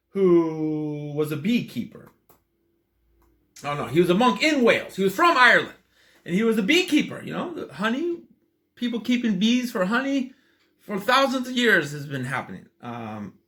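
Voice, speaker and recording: A chatty man vlogging in an easygoing, rambling way, full of enthusiasm and fillers. His voice sits fairly high, swings widely in pitch and has a bright, forceful edge. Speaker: vlogger tasting drinks. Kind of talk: casual tasting vlog.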